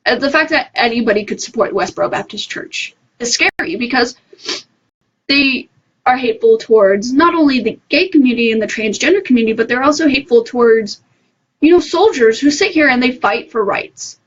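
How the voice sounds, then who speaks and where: A woman's voice: fairly high pitch, lively intonation, fairly quick, husky, muffled recording. A woman giving her heartfelt opinion in a casual livestream monologue, earnest and full of fillers. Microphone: phone livestream.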